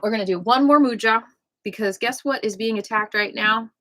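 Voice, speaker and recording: A woman's voice: fairly high pitch, brisk. Playful, bubbly woman leading a class. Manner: playful, jokey, upbeat with soft whispered breathing cues. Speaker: qi gong instructor. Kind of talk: casual guided class.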